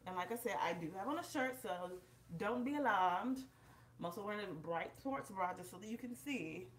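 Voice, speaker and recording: A woman's voice: mid-range voice, roomy sound, slight background noise. A woman vlogger, a little out of breath, chatting directly to her viewers while demonstrating on camera at home. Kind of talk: casual vlog, demonstrating on camera. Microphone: camera propped up in front of her.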